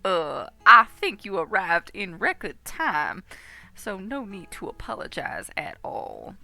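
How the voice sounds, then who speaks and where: A woman voicing a calm, self-assured animal detective in a measured way. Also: medium pitch, vocal fry, faint music behind, exaggerated voice. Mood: businesslike.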